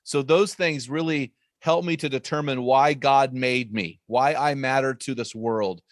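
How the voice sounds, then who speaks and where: A man talks as a podcast guest in an energetic, emphatic way, hammering points home with repeated phrases. His voice sits at an ordinary middle pitch. The sound is dry and close, with no room around it. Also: measured pace, no echo. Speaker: guest author and speaker. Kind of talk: emphatic faith-based storytelling.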